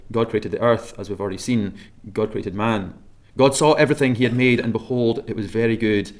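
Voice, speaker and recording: A man with a Scottish accent preaching a sermon, measured and emphatic, slowing down to stress key words. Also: mid-range voice.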